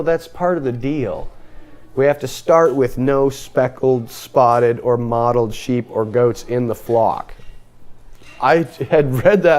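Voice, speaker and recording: Guy running a bible study group, middle pitch, animated, acts out the lines.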